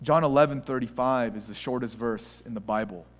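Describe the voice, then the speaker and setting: A man preaching a sermon as a pastor, swinging between hushed, slow words and raised, urgent ones. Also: medium pitch. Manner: acts out voices of people in the story.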